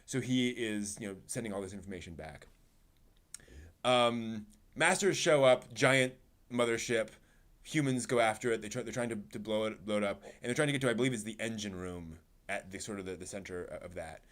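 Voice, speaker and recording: Animated man retelling an anime scene. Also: lowish voice, brisk. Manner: animated storyteller, acts out quotes. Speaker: podcast host. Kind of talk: casual anime discussion.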